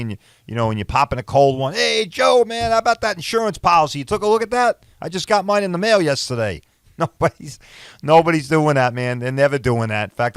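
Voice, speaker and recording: A man's voice: mid-range voice, no room sound, studio quality. A man hosting a podcast, talking bluntly and rambling in a casual monologue with plenty of swearing. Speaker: podcast host.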